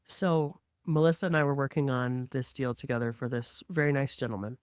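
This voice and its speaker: A woman who works as a mortgage lender, telling a work story in an animated, conversational way and acting out the quotes. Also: a bass voice, fairly quick, no room sound, studio quality.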